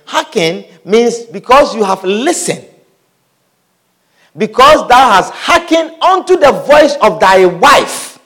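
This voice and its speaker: A man's voice: high-pitched, a bit bright. A man preaching a sermon, reading scripture aloud, repeating phrases and asking the congregation questions.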